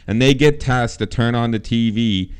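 A man's voice: medium pitch, moderate pace, smooth. A man co-hosting a casual film podcast, talking emphatically, swearing often and repeating himself. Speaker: podcast co-host.

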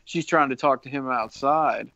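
A man's voice: medium pitch, moderate pace, bright, forceful tone, dry recording, highs cut off. A man co-hosting a casual movie podcast, retelling scenes loosely with lots of swearing. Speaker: podcast co-host. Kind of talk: casual film discussion.

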